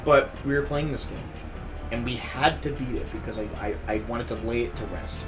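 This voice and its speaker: A man's voice: mid-range voice, fairly quick. A young man hosting a casual gaming podcast, ranting emotionally and swearing often. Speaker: podcast host. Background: music.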